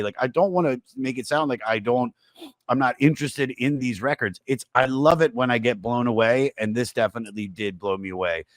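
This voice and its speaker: A man hosting a podcast in casual chat, animated, cursing freely and laughing often. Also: mid-range voice, no room sound, studio quality. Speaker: podcast host.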